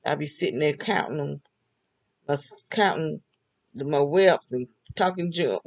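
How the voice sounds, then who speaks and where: Older woman, gravelly voice, chatty storyteller who laughs often. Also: low voice, takes it slowly, long pauses, poor audio. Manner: chatty, laughs often, talks back and forth with herself. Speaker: vlogger. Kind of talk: casual storytelling monologue.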